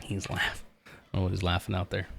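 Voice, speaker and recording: A man's voice: sits low, monotone, moderate pace, vocal fry, a bit bright, a little hiss or hum. A man livestreaming as he builds a Lego set, chatting casually and laughing often at himself.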